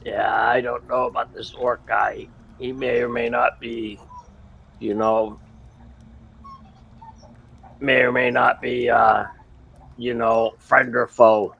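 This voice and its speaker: A man's voice: mid-range voice, little pitch movement, slow, creaky, long pauses, fairly bright tone, muffled recording, a little hiss or hum. A man playing a tabletop game, talking in a laid-back and hesitant way. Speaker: player. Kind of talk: casual tabletop game chat.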